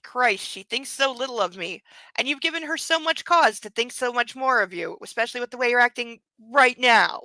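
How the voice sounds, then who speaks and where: A woman's voice: on the high side, expressive, fairly quick, bright, forceful tone, no echo, low-quality recording. A woman hosting a book club, reading a novel aloud and breaking off with mocking, laughing commentary. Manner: mocking asides between read passages; laughs often.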